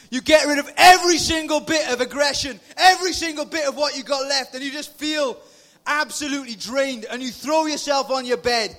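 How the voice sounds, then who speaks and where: Male youth speaker, forties, very high bright voice, chatty sermon with shouted bursts, on a PA mic. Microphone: PA microphone.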